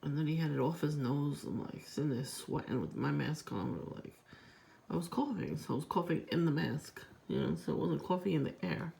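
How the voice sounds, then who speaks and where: A woman's voice: low-pitched, fairly quick, vocal fry, mellow, slight background noise. A woman with a stuffed-up, congested voice, rambling and swearing through a casual vlog rant. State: congested, nasal from a cold. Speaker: vlogger.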